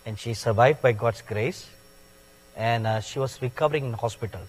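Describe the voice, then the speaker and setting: A man preaching a sermon in a slow, deliberate way, stressing words with sudden loud peaks. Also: mid-range voice. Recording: long hall reverb.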